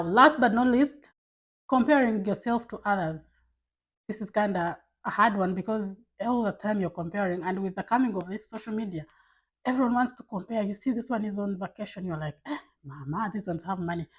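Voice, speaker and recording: Husky-voiced woman giving candid advice. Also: mid-range voice, low-quality recording. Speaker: vlogger. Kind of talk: casual talk to camera. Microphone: camera mic.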